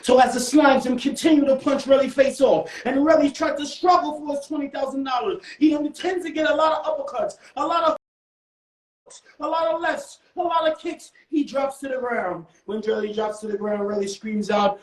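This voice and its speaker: A man telling a comic street story, animated and repetitive with dramatic outbursts. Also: very high-pitched, normal speed. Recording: roomy echo.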